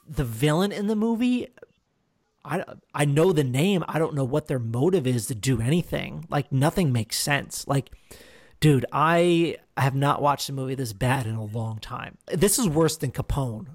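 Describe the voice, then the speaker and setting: A man's voice: medium pitch, no echo, studio quality. Profane, rambling male podcast host. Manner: rambling, profane, full of fillers and restarts. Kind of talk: casual film review chat.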